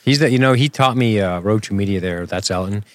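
A man from the United States co-hosting a podcast, swearing freely and joking as he chats casually. His voice sits on the low side. The sound is dry and close. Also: quick pace, no echo. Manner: profane, jokey, laughs often. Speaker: podcast co-host. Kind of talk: casual chat.

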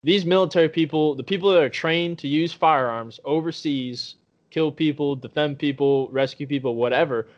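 A slightly high-voiced man spins a profane, animated story on a podcast and acts out every voice in it. The audio is dull and lo-fi. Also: moderate pace. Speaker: podcast co-host. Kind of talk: casual storytelling chat.

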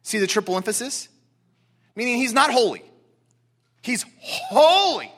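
A man preaching an expository sermon to a seated congregation in a church, emphatic and excitable, swinging between loud declarations and hushed asides. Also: very high-pitched, a little fast.

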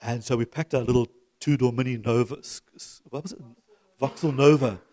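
A middle-aged man preaching a sermon to his church, swinging from loud exhortation to soft, chuckling asides. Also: mid-range voice, fairly even intonation, brisk. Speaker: pastor.

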